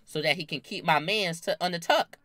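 Young man, casual storytime, animated, slangy, swearing, sharp bright voice, dry sound. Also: a little high, a little fast, no echo. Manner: animated, slangy, swears a lot, bursts into loud laughing shouts.

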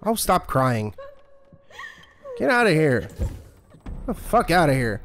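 A man's voice: a little high, sing-song, slow, a bit bright, soft background music. A man streaming a horror game live, swearing, joking and talking back to the game and to his chat. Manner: profane, jokey, talks back to the game and chat. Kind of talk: live gameplay commentary.

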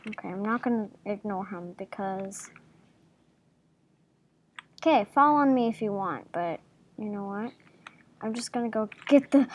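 Slow-talking woman gamer, jumpy murmured asides. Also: medium pitch, animated, a little hiss or hum. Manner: jumpy, talks to herself, soft murmured asides. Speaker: gaming video creator. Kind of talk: casual game commentary.

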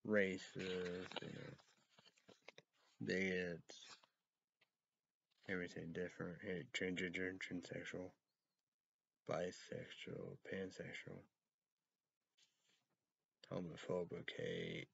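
A man hosting a rambling solo talk show, reading out names and words one by one in a halting way. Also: sits low, gravelly, breathy edge. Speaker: host. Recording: dull lo-fi recording.

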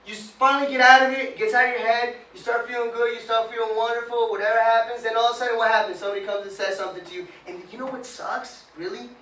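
A man giving an animated motivational talk to a small live group, quizzing them with questions and breaking into mocking whiny voices. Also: very high voice, racing, few pauses. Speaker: motivational speaker. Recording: roomy sound from far off with faint noise.

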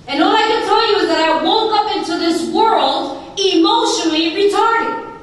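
Woman speaker, very high voice, emphatic testimony with rhythmic lists, distant mic in a large reverberant hall. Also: fairly bright tone. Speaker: recovery meeting speaker. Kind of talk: personal testimony talk. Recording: very echoey hall, voice from far off.

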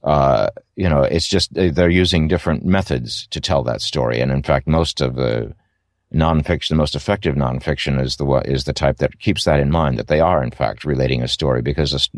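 A man's voice: a bass voice, brisk, no echo, studio quality. A middle-aged man, an audiobook narrator, giving thoughtful, rambling interview answers with many fillers and restarts.

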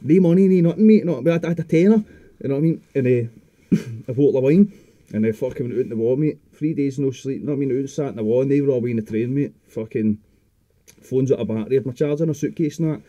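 Scottish guy, young adult, rapid rambling storyteller, very dark voice, swears a lot. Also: medium pitch, no room sound, highs cut off. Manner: rambling, heavy swearing, frequent restarts. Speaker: podcast guest. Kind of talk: casual chat.

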